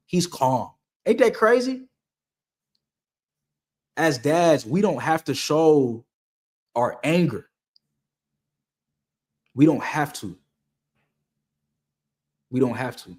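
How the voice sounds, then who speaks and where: A young man talks through viewer questions in a relaxed, conversational way. He drops slang and repeats his key lines for emphasis. His voice sits at an ordinary middle pitch. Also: takes it slowly, pauses often. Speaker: host answering viewer questions. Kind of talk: casual motivational Q&A talk.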